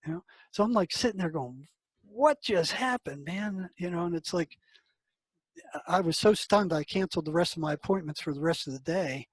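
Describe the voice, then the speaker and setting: Telling a story as an interview guest, this older psychotherapist speaks briskly in a slightly high, somewhat rough voice, keeping it conversational and performing the dialogue himself. The audio is poor, though there's no echo.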